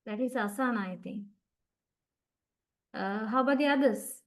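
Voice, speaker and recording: Slow, patient woman teacher on a call. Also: fairly high pitch. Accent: South Asian English. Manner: slow, patient prompting with many fillers. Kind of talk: online class.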